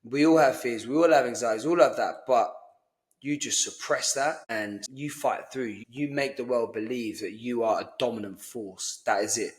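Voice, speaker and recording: A young man talks boxing mindset in a loose, blunt way and swears now and then. His voice sits at an ordinary middle pitch for a man. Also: moderate pace. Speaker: boxing coach and podcast host. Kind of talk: casual motivational chat.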